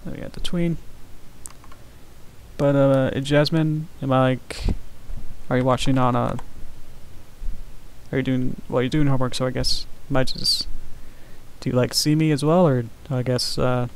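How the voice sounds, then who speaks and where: Male animator on a live stream, monotone, middle pitch, soft and mumbly with lots of "uh"s. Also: unhurried, long pauses, clean tone, rough recording. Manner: soft-spoken, mumbling, many fillers. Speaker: animator streaming his work. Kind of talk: casual live-stream chat.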